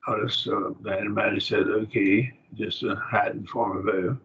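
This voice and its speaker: Over a video call with dull, lo-fi audio, a low-voiced man teaches Greek grammar to a class. He explains slowly and asks his students questions, his tone steady and a bit bright.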